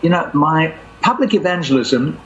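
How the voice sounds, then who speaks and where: An older evangelist telling anecdotes in a conversational interview. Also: male voice, fairly high pitch, animated, normal speed, fairly bright tone, dull audio, a little hiss or hum. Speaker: evangelist guest. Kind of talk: storytelling interview answers.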